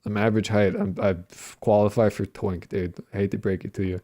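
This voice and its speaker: A man's voice: fairly low pitch, little pitch movement, a little fast, mellow. A young adult man chatting casually with his livestream audience while coding, rambling with lots of fillers, joking and swearing. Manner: playful, jokey banter with chat. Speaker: streamer and indie game developer.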